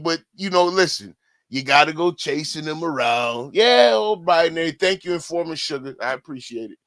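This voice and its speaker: High, bright-voiced man in profane commentary. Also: lively intonation, moderate pace, no room sound. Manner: profane, repetitive, keeps saying "listen". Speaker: commentary streamer. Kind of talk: casual live-stream commentary.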